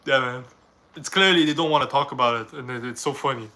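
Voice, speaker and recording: Bright-voiced young man streaming. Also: medium pitch, fast. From Canada. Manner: reads viewer questions aloud, then answers with rambling opinions. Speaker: live streamer answering chat. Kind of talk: casual live-stream Q&A.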